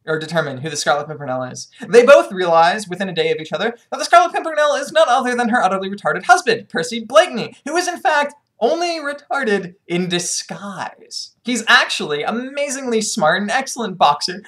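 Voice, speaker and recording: A woman's voice: medium pitch, big pitch swings, quick pace, few pauses, a bit bright. Irreverent young woman recapping a novel. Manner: irreverent, sarcastic, profane storytelling. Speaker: book reviewer. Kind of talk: casual book summary.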